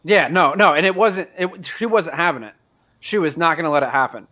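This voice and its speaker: A young man chatting casually with fellow riders, telling an animated story. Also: fairly high pitch, a little fast. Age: young adult. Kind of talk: casual chat.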